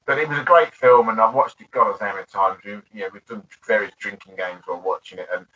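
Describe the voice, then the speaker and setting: A man recalls his bar days in an easy, chatty way, laughing and restarting his sentences. His voice sits a little low, with a bright, husky edge. The recording is dull and distant, as if he were some way from the mic. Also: steady tone, quick pace. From United Kingdom. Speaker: interview guest, former bartender. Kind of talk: casual interview.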